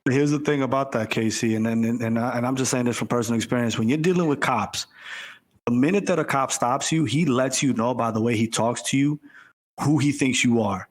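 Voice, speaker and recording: A man's voice: medium pitch, a little fast. A man on a podcast making blunt, emphatic points and repeating himself for effect. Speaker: podcast co-host. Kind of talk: casual chat.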